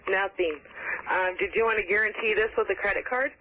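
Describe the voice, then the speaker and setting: A woman's voice: mid-range voice, fairly even intonation, a little fast, bright, forceful tone. A woman working as a hotel reservations clerk on a phone call, polite and trying to stay professional while giggling. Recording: tinny phone line.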